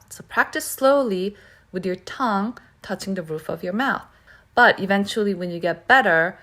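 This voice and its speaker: A woman teaching pronunciation who repeats words slowly and keeps checking in with "okay?". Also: medium pitch, sharp tone. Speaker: Korean language teacher. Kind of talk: pronunciation lesson.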